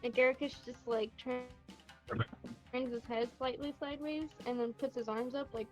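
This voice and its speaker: A woman playing a tabletop game, describing her character's actions in a casual way, heard quietly through a dull, distant mic. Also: sits high, steady tone, moderate pace, faint music behind. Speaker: player.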